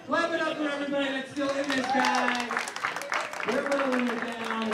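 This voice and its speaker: A man with a fairly high voice hosts a live comedy game show, working the crowd in a loud, hyped way. He is picked up from a distance in an echoey club room, with a lively audience behind him. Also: moderate pace, heavy background noise. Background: audience laughing and cheering.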